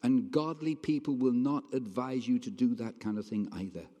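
A male preacher gives a sermon in an easy, conversational manner and keeps checking in with his listeners. His voice sits at a middle pitch. It carries through a church hall with a long reverb. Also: normal speed, mellow. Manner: conversational, emphatic, asks the congregation questions.

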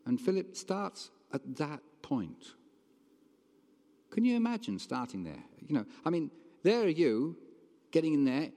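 A male preacher gives a sermon in an easy, conversational manner and keeps checking in with his listeners. His voice sits at a middle pitch. It carries through a church hall with a long reverb. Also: mellow. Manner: conversational, emphatic, asks the congregation questions.

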